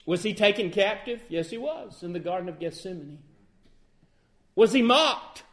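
Delivering a sermon at a normal pace, an animated preacher asks questions and answers them. He alternates between loud, emphatic bursts and hushed, low lines.

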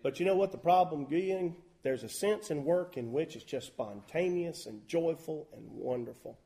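A man preaching a sermon as a pastor, folksy and emphatic with loud bursts. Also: fairly high pitch, normal speed, creaky. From Southern US.

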